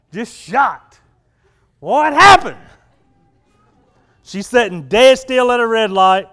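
A man preaching a sermon, telling a personal story in an animated, folksy way that swings into loud exclamations and laughs at himself. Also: sits high, clean tone. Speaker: pastor.

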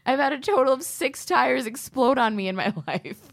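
A woman's voice: sits high, expressive, normal speed, no echo. A woman hosting a casual podcast, stoned, giggling and teasing with a lot of swearing. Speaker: host.

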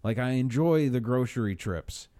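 A laid-back man in casual podcast chat, trading dry jokes and laughing easily. His voice sits in an ordinary middle pitch. The sound is dry and close, with no room around it. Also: animated, normal speed, mellow, no echo.

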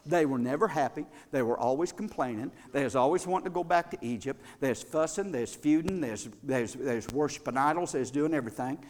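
A man preaching a sermon as pastor, swinging between loud bursts and quiet asides. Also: mid-range voice, quick pace, few pauses. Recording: long reverb of a large hall.

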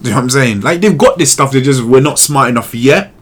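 Guy on a podcast, loose and slangy, swears a lot, average pitch. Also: fast, slight background noise. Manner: animated, slangy, swears freely. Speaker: podcast co-host. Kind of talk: casual chat.

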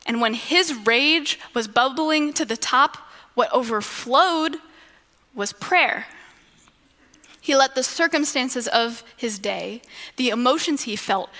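A woman giving an expressive devotional Bible talk, slowing to a deliberate refrain at times. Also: sits high. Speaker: devotional speaker. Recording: long echoing reverb.

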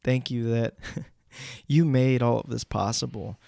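Brief: man, slow gravelly voice, dry sound, leading prayer. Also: mid-range voice, fairly even intonation, warm tone, no room sound. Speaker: prayer leader. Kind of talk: spoken prayer.

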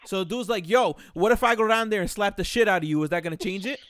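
Young guy w new telling a story, kinda high voice, dry room, loud and swearing a lot. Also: quick pace, clear, resonant tone, no room sound. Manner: animated, profane, acts out quotes loudly. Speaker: podcast host. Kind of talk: casual storytelling.

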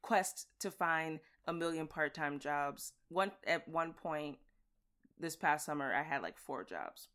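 A woman's voice: low-pitched, unhurried, fairly bright tone. A woman in casual podcast chat, explaining things in a chatty, emphatic way.

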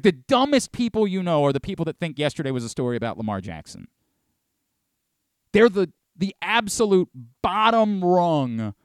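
A man's voice: fairly high pitch, dry recording, studio quality. Exasperated lecturing male radio host. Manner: exasperated, lecturing, stammering restarts. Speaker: radio host and director of programming. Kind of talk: heated sports radio argument.

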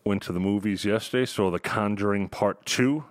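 A man's voice: fairly low pitch, moderate pace. A man from Long Island with a New York accent, co-hosting a podcast in laid-back, casual chat. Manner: laid-back, easygoing storyteller. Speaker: podcast co-host.

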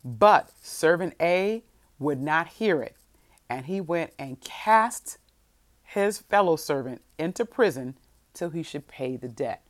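A woman with a low voice delivers a sermon to her listeners. She reads scripture in a slow, measured way, then swings from quiet reflection into emphatic, rising bursts. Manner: expressive preaching, swings between soft and emphatic. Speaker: preacher.

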